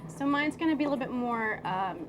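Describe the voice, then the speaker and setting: A woman player narrating her character's memory in a lively, chatty tabletop game. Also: fairly high pitch, fast, noisy background. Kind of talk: tabletop role-play narration.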